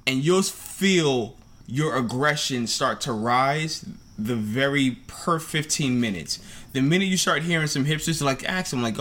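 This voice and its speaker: A man's voice: medium pitch, lively intonation, unhurried, a bit bright. A man in casual podcast chat who laughs a lot and mocks people by putting on their voices. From New York.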